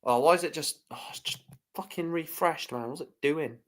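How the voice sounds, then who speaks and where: A man's voice: a little high, normal speed, fairly bright tone. A man hosting a live stream, giving chatty fan commentary on a football match and swearing freely.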